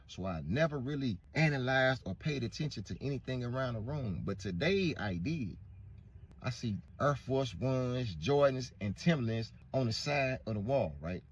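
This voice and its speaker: A man's voice: on the low side, breathy edge, lo-fi sound. A man telling a profane personal story and acting out the voices in it. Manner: vivid, profane storytelling with acted-out quotes. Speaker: storyteller in a clip. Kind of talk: storytelling monologue.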